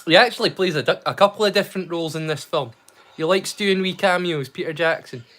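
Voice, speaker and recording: A man's voice: fairly high pitch, fast, a bit bright. A man, chatting casually and rambling as he hosts a movie watch-along livestream. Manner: chatty, rambling, self-correcting. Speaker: livestream host.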